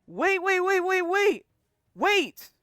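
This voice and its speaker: A woman's voice: fairly high pitch, animated, measured pace, dry recording, studio quality. A woman voicing a panicky male fighter who stammers and repeats himself in a rush. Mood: frantic. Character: panicky frantic male fighter, protective of a vampire.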